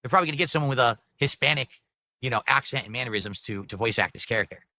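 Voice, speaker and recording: A man recapping a game trailer for his channel in a bright, tense voice. The sound is close and dry, and he delivers his takes matter-of-factly with dismissive asides. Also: medium pitch, racing, no echo. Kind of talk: video game news recap.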